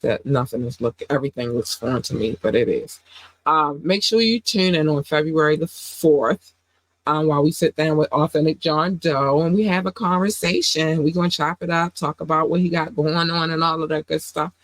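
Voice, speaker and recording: A woman's voice: sits low, moderate pace, no room sound, poor audio. Under-the-weather woman hosting a podcast. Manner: affectionate, rambling, with many fillers. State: under the weather, low energy. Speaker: podcast host. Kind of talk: casual livestream podcast chat.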